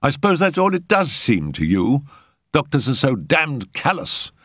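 A man's voice: mid-range voice, big pitch swings, normal speed, vocal fry, dry recording, studio quality, pitched above the performer's own voice. A man voicing an agitated, earnest young man who fears he is losing his mind, in a storybook reading. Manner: tense, pleading, insistent. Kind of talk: audiobook character reading.

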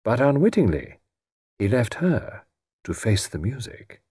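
A calm, knowing gentleman, as a man voices him in an audiobook. His measured delivery rises and falls freely. The voice is slightly husky and dry. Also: mid-range voice, dry recording, full character voice.

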